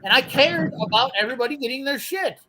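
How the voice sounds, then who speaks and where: A man's voice: very high voice, expressive, fast talker, very noisy. A man telling a brash, profane story in casual chat, acting out the lines of the people in it. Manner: brash, swearing, acts out quoted lines. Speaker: storyteller on a live garage show.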